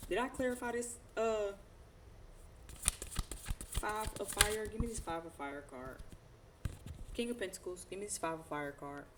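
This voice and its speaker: A woman's voice: sits low, background noise. A woman doing a casual tarot reading, talking in slangy, profane, rambling asides and laughing often. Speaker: tarot reader.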